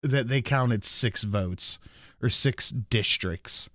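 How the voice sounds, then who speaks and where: A man's voice: mid-range voice, slow, a bit bright, dry recording, clean studio sound. A man hosting a livestream, chatting casually and cursing as he reads out viewers' messages. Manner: casual, profane, reads chat names aloud. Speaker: livestream host. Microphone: desk microphone.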